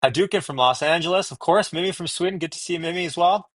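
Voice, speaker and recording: A man's voice: fairly high pitch, quick pace, dry recording. A man hosting a casual live stream from home, chatting and greeting viewers by name as they join, talking into wireless earbuds.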